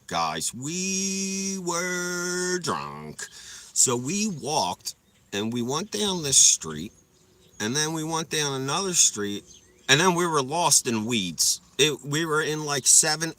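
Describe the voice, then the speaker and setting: A man's voice: mid-range voice, pushed and bright. A young man livestreaming, telling rambling stories full of swearing and laughing at them as he goes. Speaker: livestreamer chatting with viewers. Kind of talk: casual storytelling.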